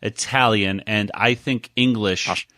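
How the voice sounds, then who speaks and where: Lowish male podcast host who rambles and chuckles, dry close mic. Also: steady tone, slow pace, pushed and bright, no echo. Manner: rambling, chuckling, many fillers. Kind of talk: casual chat.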